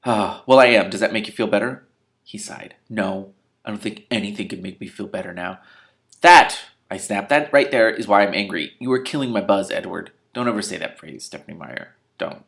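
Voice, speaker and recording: A man's voice: on the low side, moderate pace, creaky, a bit bright. A man reading a novel aloud and breaking off into exasperated, sarcastic commentary. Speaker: reader and commentator.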